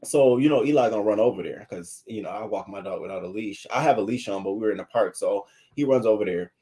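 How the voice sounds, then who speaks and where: A man hosting a casual livestream news commentary, animated and profane, talking to his viewers between stories. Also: on the low side, quick pace, husky.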